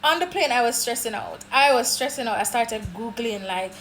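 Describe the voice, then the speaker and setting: A Jamaican woman vlogging about her travels, telling stories in a chatty, animated way. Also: on the high side, moderate pace, a little hiss or hum. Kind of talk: casual travel vlog chat.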